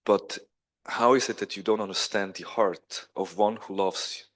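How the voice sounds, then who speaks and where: A man's voice: on the low side, steady tone, measured pace, close to an everyday voice. A man voicing a tearful, devoted queen who pleads earnestly with her lord. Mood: earnest pleading.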